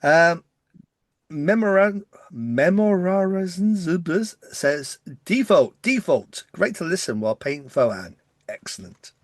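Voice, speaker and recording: Fast-talking English man, West Country hint. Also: high-pitched, big pitch swings, no room sound, clean studio sound. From West Country, England. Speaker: podcast co-host. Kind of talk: casual chat.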